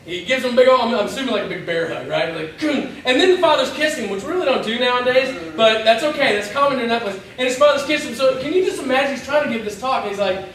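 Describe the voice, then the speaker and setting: A young man preaching a sermon as pastor, telling the story lively and acting out its voices with quick asides. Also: extremely high pitch. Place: church. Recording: echoey church hall from far off.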